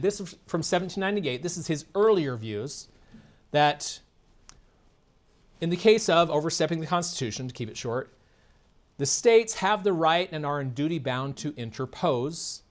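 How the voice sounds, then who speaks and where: Combative male keynote speaker, higher voice. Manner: combative, sarcastic, asks the audience questions. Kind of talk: political keynote speech. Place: convention meeting room.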